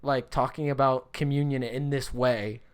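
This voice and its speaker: A woman's voice: a bass voice, steady tone, normal speed, clear, resonant tone. A woman co-hosting a podcast, chatting casually with a sarcastic, joking manner. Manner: sarcastic, playful, jokey. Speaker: podcast co-host. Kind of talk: casual comedic chat.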